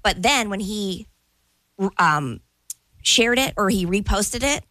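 A female co-host chats loosely, with plenty of fillers. Her voice sits at an ordinary middle pitch, and the recording is close and dry. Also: expressive, slow pace, sharp tone, no echo, low-quality recording. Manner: chatty, filler-heavy. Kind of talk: casual chat.

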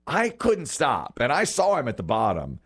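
A man hosting a talk show, telling funny stories in a casual, animated way. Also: moderate pace, husky. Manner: animated storyteller, lively pitch swings. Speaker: radio show host. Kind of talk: casual chat with co-hosts.

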